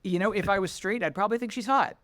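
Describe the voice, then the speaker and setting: Podcast guest, male, high smooth voice, dry close sound, chatty and animated. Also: rapid-fire, dry recording. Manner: animated, chatty, full of asides. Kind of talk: casual chat.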